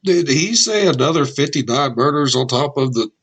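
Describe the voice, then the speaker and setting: A man's voice: medium pitch, moderate pace, slight background noise. A man giving casual, jokey reaction commentary. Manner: chatty, animated, jokey outbursts. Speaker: reaction video host.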